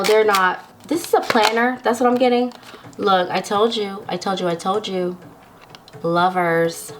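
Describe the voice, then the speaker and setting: A woman's voice: medium pitch, a little hiss or hum. A woman giving a casual tarot reading to viewers, chatty and giggly, often checking in with the listener. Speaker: tarot reader.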